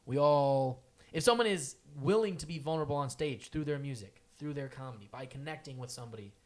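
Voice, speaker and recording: A man hosting a casual podcast, talking in a loose, profane, animated way. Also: medium pitch, fairly quick. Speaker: podcast host.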